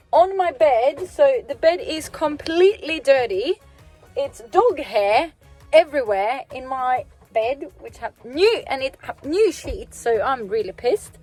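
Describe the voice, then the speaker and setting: A young Swedish woman, a native Swedish speaker with a Swedish accent, telling a lively travel story to her handheld camera. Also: a little high. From Sweden. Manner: animated, laughing, acts out quotes. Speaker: vlogger. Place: van trip at a vineyard.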